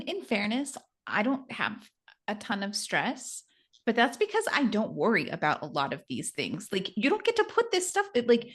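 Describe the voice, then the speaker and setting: A woman's voice: mid-range voice, a bit bright. A woman co-hosting a podcast who chats casually and makes dry, wry jokes. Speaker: podcast co-host. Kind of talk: casual chat.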